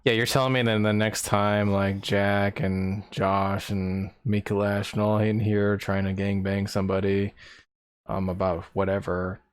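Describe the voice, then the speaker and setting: A man's voice: lowish voice, level tone, measured pace, smooth, no room sound, studio quality. A man hosting and moderating a casual online voice chat room, wry and laid-back.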